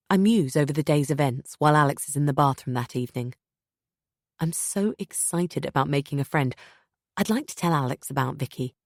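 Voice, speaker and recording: Low female narrator, measured first-person audiobook read, dry close studio sound. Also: a little mellow, no echo.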